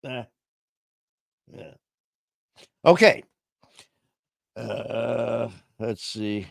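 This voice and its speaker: A man's voice: medium pitch, drawn-out words, gravelly, dry recording, clean studio sound. A man hosting a livestream, chatting casually in a rambling, informal way full of fillers. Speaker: livestream host.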